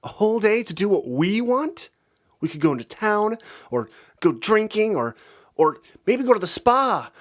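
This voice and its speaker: Bubbly, hyper young female bat pony, put on by a male narrator; high, loud, squealing storybook voice. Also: a little slow, husky, exaggerated voice. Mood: excited. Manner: squealing, excitable, rambling.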